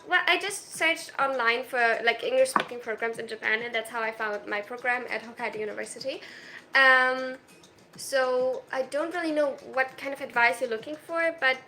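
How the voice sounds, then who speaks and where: A woman's voice: a little high, sharp tone, a little hiss or hum. A 22-year-old woman from Germany, live-streaming at home and reading viewer comments aloud. She talks in a shy, self-conscious way, with hesitant restarts and nervous laughs.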